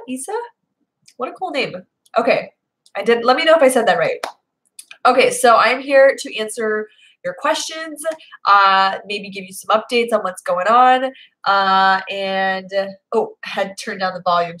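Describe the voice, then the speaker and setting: A woman's voice: mid-range voice, fairly bright tone, poor audio. A young woman hosting a live video Q&A from home, chatting casually and rambling with lots of fillers. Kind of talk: casual live-stream chat. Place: indoors at home, Seattle.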